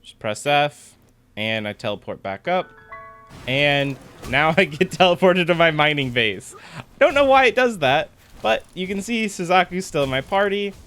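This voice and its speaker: A man's voice: a little high, animated, moderate pace, a bit bright, faint music behind. A man giving casual gameplay commentary, chatty and explaining things step by step as he plays. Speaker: gaming content creator.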